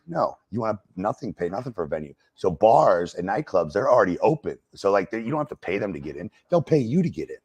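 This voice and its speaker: Deep-voiced, profane storytelling man. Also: no echo. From United States. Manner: profane storyteller, lots of fillers. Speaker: wrestler and stand-up comic guest. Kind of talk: casual uncensored interview.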